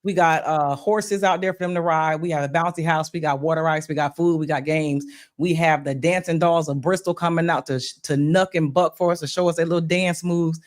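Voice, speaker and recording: A woman's voice: deep voice, steady tone, a little fast. A woman from Pennsylvania hosting a casual podcast chat, talking to her audience in a folksy way and calling them y'all. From Pennsylvania, USA. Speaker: podcast host.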